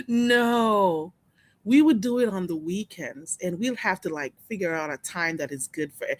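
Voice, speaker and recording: A woman's voice: on the high side, moderate pace, no room sound. A woman hosting a casual live stream, chatting with her viewers, gossiping and laughing often.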